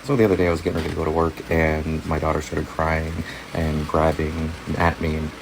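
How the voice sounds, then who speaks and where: Fast-talking gravelly deep-voiced man. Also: level tone, noisy background. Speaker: father telling a story. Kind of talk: casual storytelling video.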